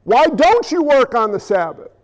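A pastor preaching a sermon in a conversational style, firing off rhetorical questions and pausing for effect. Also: male voice, very high voice, sing-song, lo-fi sound. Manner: conversational, asks rhetorical questions, dramatic pauses. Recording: long reverb in a large hall.

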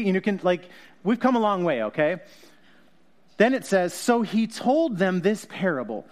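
Male pastor, high-pitched voice, casual sermon, playful asides and quick self-corrections. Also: big pitch swings, darkish tone. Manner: jokey, self-correcting, laughs often. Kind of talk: conversational sermon.

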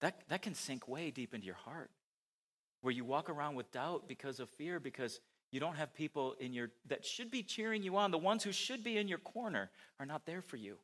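A man preaches a lively sermon and keeps asking his listeners rhetorical questions. His voice is bright and forward. It sits a little higher than most men's voices. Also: fairly quick.

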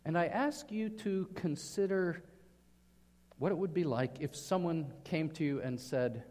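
A man's voice: fairly high pitch, measured pace, a little mellow. A man preaching a sermon in earnest, often putting questions to his listeners. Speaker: pastor. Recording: reverberant hall.

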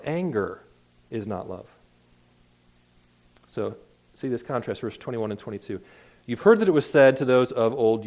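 A man's voice: mid-range voice, darkish tone. A man preaching a sermon in an earnest, conversational way, often restarting his words. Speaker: pastor.

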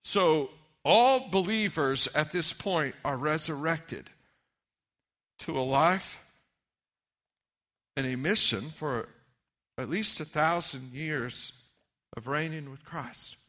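Bright-voiced preaching man. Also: a little high, lively intonation, slow pace, long pauses. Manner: earnest preaching, rising to emphatic then dropping quiet and intimate. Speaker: pastor. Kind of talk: sermon.

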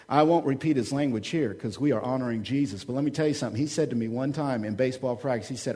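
A man from Oklahoma preaching a sermon as pastor, swinging from hushed asides to loud, joking, animated stretches. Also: medium pitch, quick pace, few pauses, husky.

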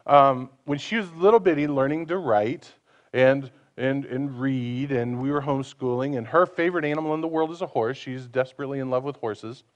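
A man's voice: medium pitch, a little fast, lo-fi sound. A man preaching a conversational sermon, asking his listeners questions and acting out the voices he quotes.

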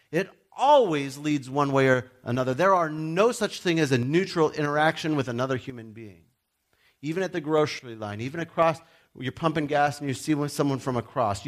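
A middle-aged man preaching a sermon as a pastor, speaking directly and emphatically to his listeners, with joking asides. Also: on the high side.

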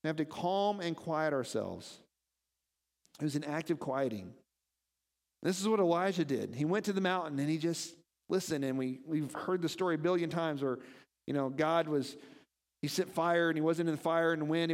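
A man preaching a sermon as pastor, animated and often asking his listeners questions. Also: a little high, normal speed, in a large hall. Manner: animated, asks the congregation questions.

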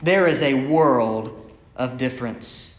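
A male pastor preaching a sermon from the pulpit, pressing points with repeated phrases and dropping low and slow on key lines. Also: reverberant. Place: church sanctuary, from the pulpit.

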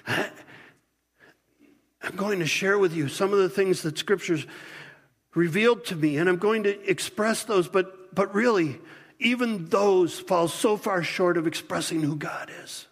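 A pastor preaching a sermon in an animated, conversational way, often restarting his sentences. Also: high-pitched, a little slow, big-room sound.

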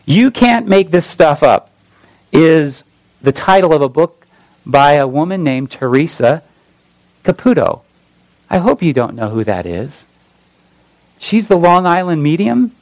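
A man's voice: on the high side, very animated, unhurried, long pauses, a little mellow, dry recording, poor audio. A man preaching a sermon in a conversational way, often restarting phrases and rising on emphatic points. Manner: conversational, searching for words with many restarts. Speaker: pastor.

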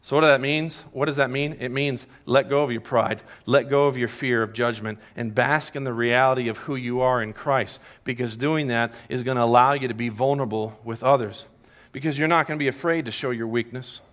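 A man's voice: medium pitch, fairly even intonation, fairly quick, fairly bright tone. A middle-aged man preaching a sermon as a pastor, earnest, repeating key phrases and building to emphatic peaks.

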